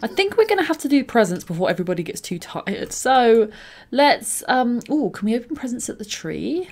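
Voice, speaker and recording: A young woman giving casual, chatty commentary while playing a life-simulation game. She giggles often and coos over cute moments. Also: mid-range voice. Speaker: gaming channel host.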